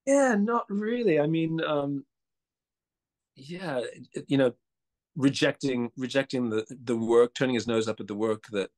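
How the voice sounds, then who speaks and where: A male actor's mid-range voice comes at a measured pace during a casual guest interview. Animated, with a mixed accent tinged Australian, he stammers and restarts, laughs, and mimics voices.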